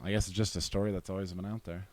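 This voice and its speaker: Hesitant laid-back male co-host, low-pitched, dry mic. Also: level tone, rapid-fire, a little mellow, dry recording. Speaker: podcast co-host. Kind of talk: casual chat over a card game.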